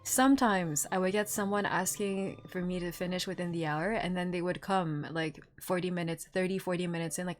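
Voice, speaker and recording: A young woman streamer telling work stories in casual chat, animated and laughing often, with lots of filler words. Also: on the low side, brisk, hardly any pauses.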